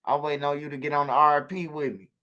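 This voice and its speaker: A man hosting a stream, telling stories in a slangy, animated way and repeating himself. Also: a little high, fast, clean tone, dull audio. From Chicago. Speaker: channel host on a livestream. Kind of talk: casual storytelling to viewers.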